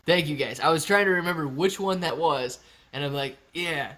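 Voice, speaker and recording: A man's voice: fairly high pitch, moderate pace, fairly bright tone. A young man hosting a live stream, reading viewer comments aloud and answering in a chatty, laid-back way. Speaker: livestream host reading chat. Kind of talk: casual live stream chat.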